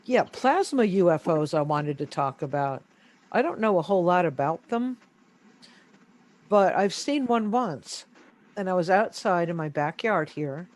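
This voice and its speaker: A man being interviewed, telling a story in a casual, animated way with many fillers. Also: sits high, a little slow. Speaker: interview guest.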